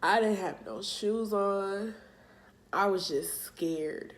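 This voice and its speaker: A young woman telling a personal story for her vlog, halting and emotional, with casual slang. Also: mid-range voice. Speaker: vlogger.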